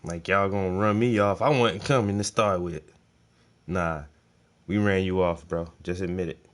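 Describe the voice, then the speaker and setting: Talking a little slowly in a low voice, a man spins laid-back, profane yarns as he works on a painting. It's the loose, rambling chat of a painting vlogger.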